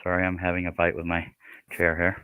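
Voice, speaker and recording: A man's voice: deep voice, monotone, fairly quick, clean tone, no room sound, phone-quality sound. A man hosting a woodworking live stream, chatting casually and joking as he works. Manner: joking, folksy, laughs often. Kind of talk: casual chat while working.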